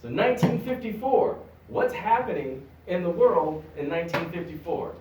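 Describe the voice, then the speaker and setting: A man giving a public lecture at a library, animated and joking with the audience. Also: sits high, normal speed, background noise. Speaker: guest lecturer. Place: public library meeting room. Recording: echoey room, recorded from a distance.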